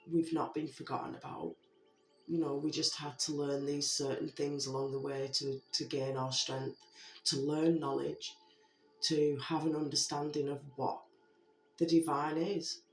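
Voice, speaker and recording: A spiritual message giver speaking to viewers in a heartfelt way, gently repeating reassurances with many fillers. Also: mid-range voice, creaky. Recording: roomy echo with faint background music.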